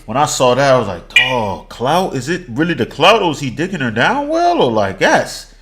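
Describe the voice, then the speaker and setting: A man from the DMV area chatting on a call-in stream, lively and slangy. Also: medium pitch, normal speed, noisy background. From DMV area, eastern US. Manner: lively slangy banter, says son a lot. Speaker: caller. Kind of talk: casual chat.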